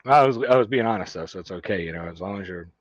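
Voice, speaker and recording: A man telling a story in casual chat, swearing often and breaking into loud laughs. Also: low-pitched, rapid-fire, dry recording, highs cut off. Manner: profane storytelling, laughs loudly.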